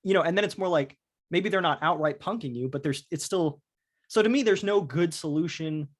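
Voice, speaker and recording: Give me a man podcast host in his thirties, a bit high-pitched, talking loosely with lots of swearing and restarts. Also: fairly quick. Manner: swears freely, rambling with frequent restarts. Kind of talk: casual chat.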